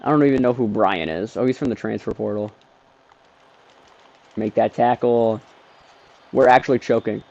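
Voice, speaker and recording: A man doing let's-play commentary on a football video game, excitable, trash-talking the game and bursting into shouts. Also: lowish voice, normal speed, creaky, long pauses. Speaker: gaming streamer. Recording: dull lo-fi dry mic.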